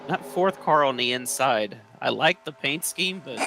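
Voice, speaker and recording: A man's voice: mid-range voice, animated, measured pace, creaky, noisy background. A man giving casual color commentary on a sim race, often hesitating to pick out car numbers. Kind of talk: sim racing broadcast commentary.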